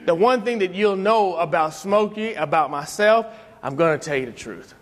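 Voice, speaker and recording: Man, high voice, animated storyteller, acts out voices, long hall reverb. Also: normal speed. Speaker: speaker telling stories about his father. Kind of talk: storytelling talk to an audience.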